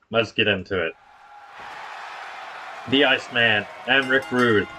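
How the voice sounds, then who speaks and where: A man's voice: medium pitch, background noise. A man streaming a wrestling video game, calling the action play-by-play with casual slang. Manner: casual, hypes viewers with slang.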